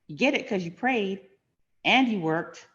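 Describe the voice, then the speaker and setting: A woman's voice: mid-range voice, lively intonation, measured pace, highs cut off. A middle-aged woman hosting a finance channel, telling a personal story in a frank, emphatic, conversational way.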